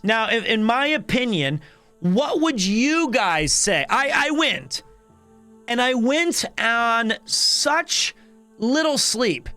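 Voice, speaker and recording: A man in his thirties chatting casually on a live stream, animated and rambling with lots of restarts. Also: high-pitched. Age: 30s.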